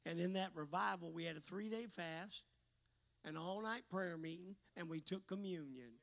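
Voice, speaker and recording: High, bright-voiced shouting preacher. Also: male voice, normal speed, gravelly, poor audio. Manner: swings from hushed asides to shouting. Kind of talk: revival sermon.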